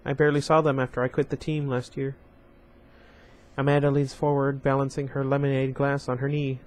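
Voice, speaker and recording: A male host reading a novel aloud in a casual way. He reads in a plain, medium-pitched voice and keeps stopping to talk to his audience. The asides are loose and chatty. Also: flat delivery, fairly quick, darkish tone.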